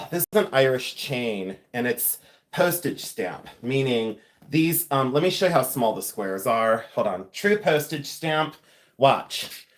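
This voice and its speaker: A man hosting a casual live stream, chatty and excitable, talking straight to the chat and slowing down to explain details. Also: a little high. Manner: slows down to explain quilt details. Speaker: live-stream reseller host.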